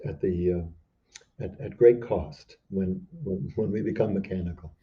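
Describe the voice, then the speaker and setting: A man speaking as a therapy trainer in an interview, making thoughtful, measured remarks with small restarts. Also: deep voice, fairly even intonation, highs cut off. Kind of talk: reflective interview conversation.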